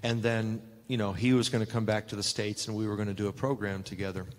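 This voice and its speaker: An older man, a former wrestler, telling lively anecdotes at a live fan Q&A and acting out the dialogue. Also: fairly low pitch, fast, long reverb tail. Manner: animated anecdotes, acts out dialogue, laughs often.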